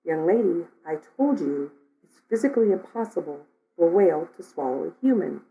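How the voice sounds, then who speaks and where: A stern schoolteacher loses patience with a pupil and scolds her sharply. A woman preacher acts her out in a low, mellow voice, in the middle of a spoken sermon. She sounds exasperated and firm. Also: lively intonation, brisk, vocal fry, poor audio. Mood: scolding. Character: stern adult female schoolteacher.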